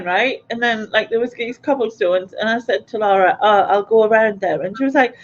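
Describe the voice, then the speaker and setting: A fairly high-pitched woman talks at a fairly quick clip on her livestream. Giggly and chatty, she laughs often while reading live comments, and the stream audio is dull and lo-fi.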